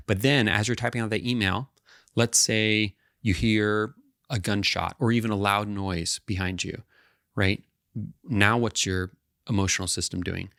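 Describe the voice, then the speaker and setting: A man's voice: lowish voice, creaky, a bit bright, no room sound, clean studio sound. A male counselor giving an educational talk to camera, explaining step by step and often checking in with the listener.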